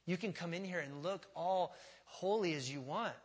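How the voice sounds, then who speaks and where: A male pastor preaching a sermon in a church, emphatic and repetitive, swinging from quiet to loud. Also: sits high, moderate pace, slightly rough. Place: church sanctuary. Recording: long church reverb.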